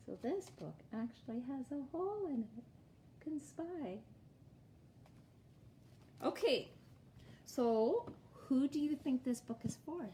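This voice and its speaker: Lively, slow-speaking storytime librarian woman. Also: sits high. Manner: animated, slow and clearly spoken for young children. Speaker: children's library storytime presenter. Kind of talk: reading a picture book aloud and teaching young children. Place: library programme room.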